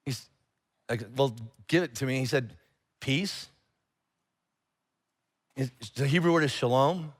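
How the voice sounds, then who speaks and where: A man preaching a sermon to a church congregation in a conversational, animated way, acting out little exchanges of dialogue. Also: mid-range voice, slow, long pauses. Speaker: pastor. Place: church auditorium.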